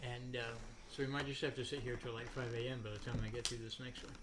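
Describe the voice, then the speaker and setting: A man's voice: mid-range voice, fairly even intonation, fast. Rambling man telling stories among friends. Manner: rambling, laughing, acts out quoted voices. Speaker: podcast host. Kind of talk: casual storytelling among friends. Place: home kitchen with friends. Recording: noisy home recording.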